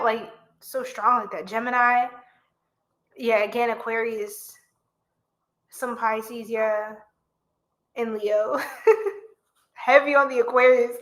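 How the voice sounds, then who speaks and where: This young woman reads tarot on a live stream, her voice fairly high and a bit bright. She speaks unhurriedly with frequent pauses, chatting playfully with viewers, singing snatches of songs, and sounding a little out of breath.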